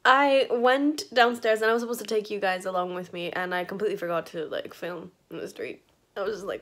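A woman's voice: on the high side, animated, a little fast, a bit bright. A tired young woman vlogging late at night in her bedroom, chatting casually to the camera held at arm's length, rambling and giggling and often dropping into whispers. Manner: giggly, rambling, self-mocking, drops into whispers.

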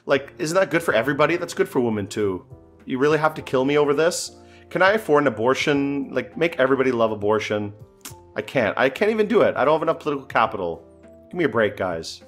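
A man giving casual, exasperated gameplay commentary, talking to himself and swearing as things go wrong. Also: medium pitch. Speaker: gaming commentator.

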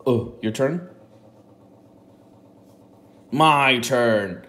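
Slow, animated male phonics teacher. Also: mid-range voice. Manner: sounds out words slowly, animated, playful. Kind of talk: children's phonics lesson. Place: home. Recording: faint dishwasher hum at home.

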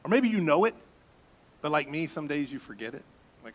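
A male pastor preaching a sermon in an animated way, with joking asides and bursts of emphasis. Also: fairly high pitch, brisk.

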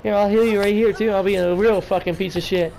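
A man's voice: sits high, fairly even intonation, quick pace, gravelly, a little mellow, a little hiss or hum, rough recording. A drunk man giving rambling, taunting commentary on his own gameplay. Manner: taunting, rambling, talks to the game. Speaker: gamer streaming his play.

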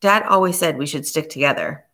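A woman reading an audiobook, voicing a stubborn teenage girl who pleads and then insists in a shrill, raised voice. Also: fairly quick, a bit bright. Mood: anxious.

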